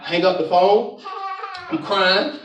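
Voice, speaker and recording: A young man delivers a motivational talk from an auditorium stage, his high voice climbing and dropping with lively energy. He keeps calling out to the audience the way a preacher would. The hall echoes around him, and he sounds a bit distant from the mic. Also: slow pace, noisy background. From Florida, US. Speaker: motivational speaker. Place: large conference auditorium.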